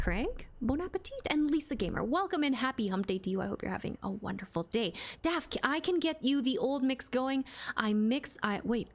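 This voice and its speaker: Woman streamer, casual and chatty with chat; high, very animated voice; compressed home mic. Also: brisk. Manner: chatty, reads and answers chat, playful. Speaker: livestreamer. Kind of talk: casual live-stream chat while gaming. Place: home room with door closed.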